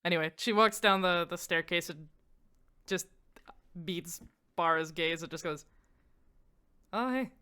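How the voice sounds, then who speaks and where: A woman's voice: on the low side, fairly even intonation, a little slow, pushed and bright, smooth. Casual woman narrating her character. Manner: casual, swearing, joking. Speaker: tabletop game player. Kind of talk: narrating a character in a tabletop game.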